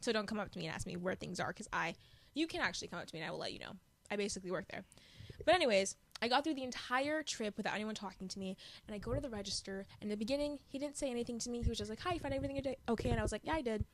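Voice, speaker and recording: A young adult woman co-hosting a podcast, chatting casually and telling animated stories with frequent laughter. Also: medium pitch, very fast. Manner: animated storytelling, laughing often. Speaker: podcast co-host. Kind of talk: casual chat.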